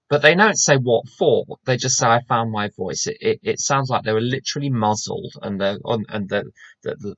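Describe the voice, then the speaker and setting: A man's voice: medium pitch, a bit bright, no room sound. A British man giving a conversational recovery talk, wry and chatty, full of asides and restarts, over slightly dull online call audio. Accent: British English. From England. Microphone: online call microphone.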